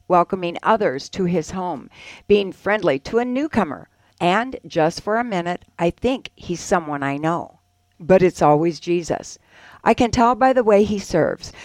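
A woman co-hosting a radio show, reading an ad and an inspirational piece with expressive delivery. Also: medium pitch, no room sound. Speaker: radio co-host.

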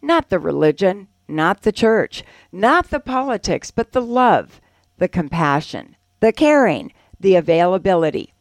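Lively woman co-host, dry studio. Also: lowish voice, unhurried, no echo. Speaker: radio co-host. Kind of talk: reading ads and an inspirational piece.

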